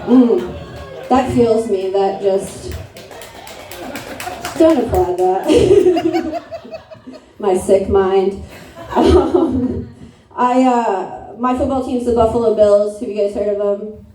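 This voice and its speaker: A woman's voice: on the high side, very slow, long pauses, warm tone, faint music behind. A woman in her thirties from upstate New York doing a brash, crude, self-mocking stand-up set in a comedy club. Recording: echoey room, mic from a distance.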